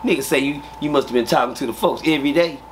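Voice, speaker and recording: A man with a Texas accent telling profane, animated prison stories in a casual interview, acting out scenes with sound effects. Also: medium pitch, rapid-fire, slight background noise.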